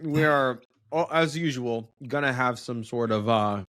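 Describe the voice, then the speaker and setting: A man's voice: medium pitch, a little slow, a bit bright, no room sound, clean studio sound. A man in his thirties co-hosting a casual dad podcast over a remote call, rambling with lots of fillers and frequent laughs. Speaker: podcast co-host. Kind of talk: casual chat. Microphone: remote call over home internet.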